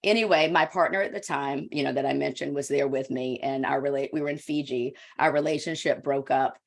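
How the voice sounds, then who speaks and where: Candid middle-aged woman guest, really deep voice, chatty storytelling. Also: steady tone, fairly quick, creaky. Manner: candid, confessional. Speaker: guest, women's leadership coach. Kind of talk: casual interview storytelling.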